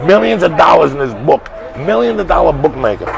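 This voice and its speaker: A man being interviewed outdoors, telling blunt, swearing stories that build to loud, animated bursts. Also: on the high side, fast, gravelly, few pauses, poor audio. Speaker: interview guest. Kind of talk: profane storytelling in conversation. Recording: street crowd and traffic behind.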